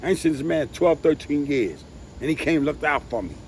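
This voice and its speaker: A man telling profane, animated street stories, who has been drinking. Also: fairly high pitch, fairly quick, slight background noise. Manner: profane, animated street storytelling with sound effects. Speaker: interviewee. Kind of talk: casual storytelling.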